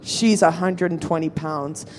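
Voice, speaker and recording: A woman's voice: low voice, fairly even intonation, measured pace, a little mellow, slight background noise. A woman telling a rowdy, profane story at a live show, acting out her friends' voices as she goes. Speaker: storyteller guest.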